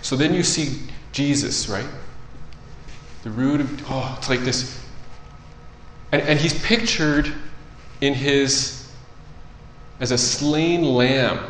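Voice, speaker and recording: A man preaching a sermon and reading scripture aloud, talking in a conversational way and swinging between soft, quiet stretches and louder, emphatic ones. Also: a little high, echoey room, poor audio.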